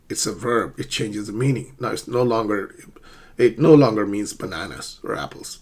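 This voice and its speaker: In this English pronunciation lesson, the male teacher speaks slowly and with care, exaggerating stressed syllables. His voice is medium in pitch, expressive, and husky.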